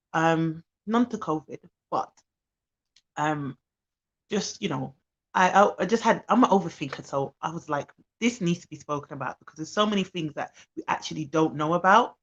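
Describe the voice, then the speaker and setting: A childcare expert from Birmingham, England hosts a casual live stream, chatting away and greeting viewers by name with frequent ums. Her voice is deep and her speed normal, though the audio sounds dull.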